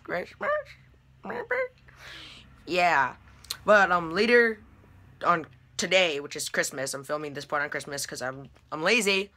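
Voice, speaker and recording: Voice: mid-range voice, normal speed, bright, forceful tone. A chatty, self-deprecating vlogger talking casually to the camera. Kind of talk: casual vlog chat. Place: store, then at home.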